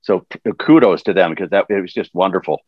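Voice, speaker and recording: An older man, a voice actor guest, tells stories in a casual interview. He is animated, laughs as he goes, and often restarts his sentences. The sound is dull and lo-fi, and completely dry. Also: sits low, a little fast, slightly rough, no echo.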